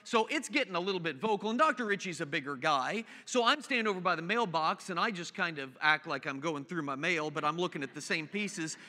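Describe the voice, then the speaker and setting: A man's voice: fairly high pitch, expressive, brisk, hardly any pauses, pushed and bright. A man preaching a sermon as pastor, conversational and storytelling, with asides to the congregation. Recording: hall reverb.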